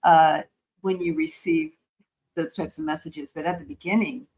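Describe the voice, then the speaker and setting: A woman's voice: deep voice, steady tone, moderate pace, darkish tone. A woman co-hosting a casual chat, speaking in a reflective way with frequent fillers. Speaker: co-host and psychic reader.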